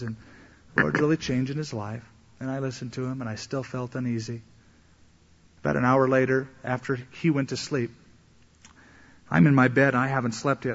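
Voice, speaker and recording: A man's voice: fairly high pitch, slightly rough. A man preaching a sermon as a pastor, telling a story and acting out the voices of the people in it. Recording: echoey hall, dull lo-fi sound.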